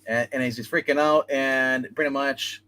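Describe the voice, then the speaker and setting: A man hosting a live comic book review stream, retelling a story in a casual, animated way and acting out the characters' lines. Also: mid-range voice, moderate pace, clean tone.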